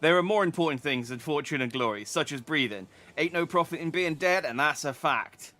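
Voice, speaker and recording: In a somewhat high, expressive and sharp voice, a man reads game dialogue briskly. He portrays a friendly, chatty middle-aged merchant with a put-on rustic English accent, homely in manner and drawling with dropped letters.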